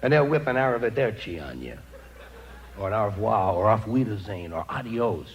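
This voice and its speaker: A man's voice: lowish voice, expressive, brisk, dull audio. A man performing a stand-up comedy routine on stage with a wry, sardonic delivery, recorded live in front of an audience. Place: stage before a laughing audience.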